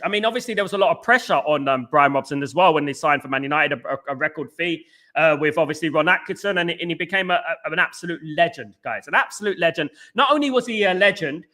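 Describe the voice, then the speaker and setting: Man in his forties, high bright voice, excitable live-stream host who chants and repeats himself. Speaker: livestream host. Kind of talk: casual live chat reading comments.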